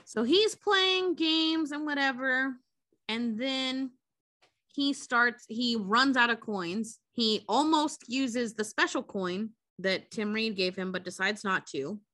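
A woman co-hosting a podcast tells a movie plot in loose, profane, animated chat. Her voice is bright and sits a little high. The sound is dry and close, with no room around it. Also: slow, no room sound. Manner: profane, animated retelling with quoted character voices. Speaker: podcast co-host. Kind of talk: casual chat recapping a movie.

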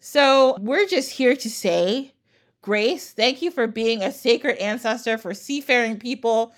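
A woman hosting a podcast, telling a story in a casual, animated way, laughing and swearing casually. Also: on the high side, a little slow. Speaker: podcast host.

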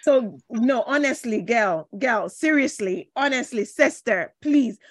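A woman hosting a podcast interview, probing with questions, teasing her guest, and jumping in with quick reactions. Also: a little high, lively intonation, no room sound. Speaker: podcast host. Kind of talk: conversational interview.

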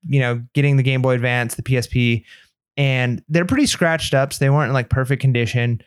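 A man chats casually on a podcast, telling a story with energy and slipping into the voices of the people in it. His voice sits at a middle pitch. The sound is dry and close, with no room echo. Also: brisk, clear, resonant tone. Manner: animated anecdote telling, acts out quoted dialogue. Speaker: podcast co-host.

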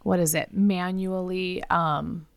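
A woman's voice: lowish voice, steady tone, takes it slowly, gravelly, smooth, no room sound. A woman co-hosting a podcast, chatting casually with frequent swearing and joking asides. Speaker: podcast co-host. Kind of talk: casual chat.

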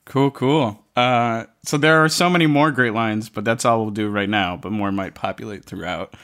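A man hosting a casual podcast, leading the segments in an animated way. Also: fairly low pitch, moderate pace, smooth. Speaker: podcast host. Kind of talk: casual chat.

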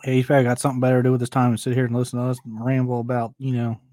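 A man's voice: medium pitch, completely flat delivery, rapid-fire, warm tone, dry recording, studio quality. A man co-hosting a casual podcast, laughing often and reading listener chat aloud. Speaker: podcast co-host.

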